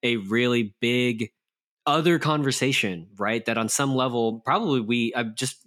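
A man's voice: medium pitch, normal speed, a bit bright. A man co-hosting a podcast, talking in a reflective, casual way with playful asides. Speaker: podcast co-host.

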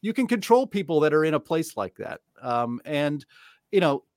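A man co-hosting a casual political talk show, speaking in a sarcastic, animated way. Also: a little high, normal speed, no room sound, clean studio sound. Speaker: podcast co-host.

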